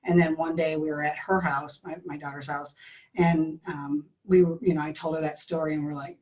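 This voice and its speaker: A woman's voice: low-pitched, steady tone, brisk, darkish tone, far from the mic, rough recording. Rambling, nervous middle-aged woman. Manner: rambling, nervous, often losing her thread. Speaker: guest, tea business co-owner. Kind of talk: casual interview chat.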